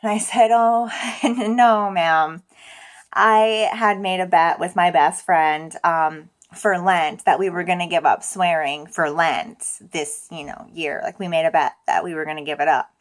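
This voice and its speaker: A woman's voice: on the low side, fairly even intonation, moderate pace, hardly any pauses. A young woman telling a storytime vlog in a casual, profane, self-mocking way. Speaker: vlogger.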